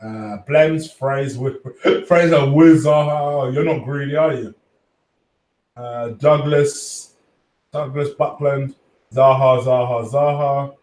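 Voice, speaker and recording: A man hosting a casual fan live stream, reading chat, swearing freely and giving shout-outs to viewers. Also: medium pitch, fairly even intonation, slow pace, far from the mic. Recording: echoey room, voice off-mic at times.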